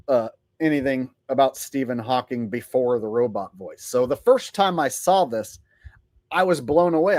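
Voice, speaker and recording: A man's voice: mid-range voice, no echo. A man hosting a casual commentary vlog, sarcastic and rambling, often laughing and mocking. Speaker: vlogger host.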